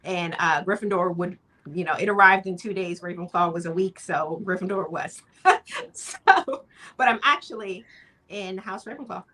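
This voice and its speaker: A woman guest chats casually over a video call with a very bright, sharp tone. She laughs between her phrases. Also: fairly low pitch, normal speed.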